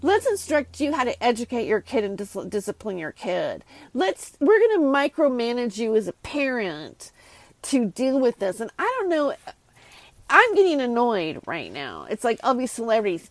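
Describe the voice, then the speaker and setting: Femme jeune, voix un peu aiguë, monologue agacé et décousu, prise très sèche. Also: female voice, on the high side, huge pitch swings, normal speed, no echo. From United States. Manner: frustrated, rambling, many restarts and asides. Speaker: vlogger. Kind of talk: casual ranting monologue to viewers.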